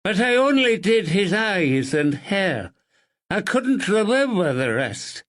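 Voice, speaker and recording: A man's voice: high-pitched, sing-song, slow pace, a bit bright, pitched above the performer's own voice, heavily acted. A man voicing an eager, childlike young man with a strange, muffled voice.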